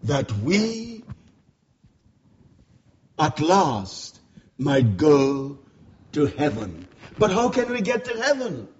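A man preaching a sermon, swinging from near-whispered lows to ringing shouts. His voice is fairly high for a man and slow and deliberate. The recording is dull and lo-fi with a faint hiss behind him. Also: very animated. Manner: dramatic, swinging from hushed lows to shouted climaxes; repetitive rhetorical cadence.

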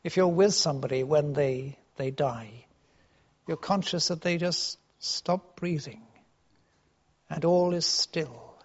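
A man preaching a sermon, earnest, rising for emphasis and dropping to hushed tones. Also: high-pitched. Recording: dull lo-fi sound.

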